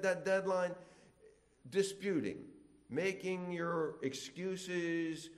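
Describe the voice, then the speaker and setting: A middle-aged man preaching a sermon, animated, acting out complainers in whiny voices. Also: medium pitch.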